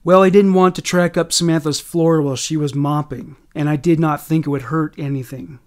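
A defiant eighteen-year-old young woman, read by a man in a spoken true story. She talks in a firm, exasperated way, in a slightly high voice. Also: steady tone, fairly quick, a little mellow, close to an everyday voice.

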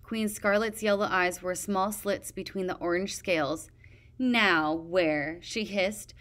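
Woman reader, steady storybook narration, even pace. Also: medium pitch, unhurried. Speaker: audiobook reader.

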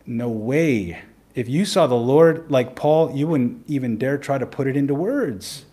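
A pastor delivers an earnest sermon, slowing down to stress key points and posing rhetorical questions to the congregation. His voice is mid-range, dark in tone and slightly rough.

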